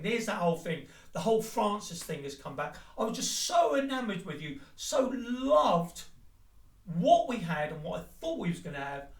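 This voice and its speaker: In an echoey room, far from the microphone, a high-voiced male vlogger delivers a heated, profanity-laced rant aimed squarely at his ex-partner, talking straight to the camera.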